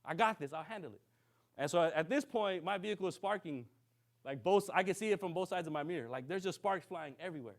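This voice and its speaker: A man preaching to a congregation. He tells a story with lively, acted-out dialogue and keeps checking in with his listeners. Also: sits high, fast. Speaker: minister. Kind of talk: sermon storytelling.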